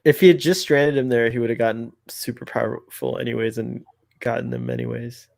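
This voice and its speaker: A man's voice: medium pitch, steady tone, fairly quick, gravelly, a little mellow, no room sound, studio quality. Chatty man laughing through fan commentary. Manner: chatty, laughs often, rambling asides. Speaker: podcast co-host.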